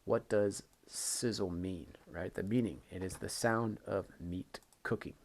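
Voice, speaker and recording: Patient low-voiced male English teacher. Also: steady tone, unhurried, darkish tone. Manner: patient, repeats key phrases with rising emphasis. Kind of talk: recorded online English lesson.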